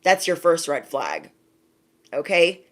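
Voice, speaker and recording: A woman talks straight to her viewers in a casual spiritual pep talk. She drives each point home by repeating phrases and checking in with a quick "okay?". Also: fairly low pitch, sing-song. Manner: emphatic, repeats phrases, direct address with frequent "okay?". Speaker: spiritual reader.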